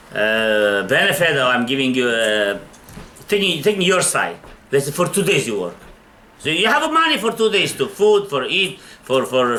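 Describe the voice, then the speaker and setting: A man's voice: a little high, sharp tone. A man, a rabbi giving a Torah lecture, telling stories and asking his listeners rhetorical questions.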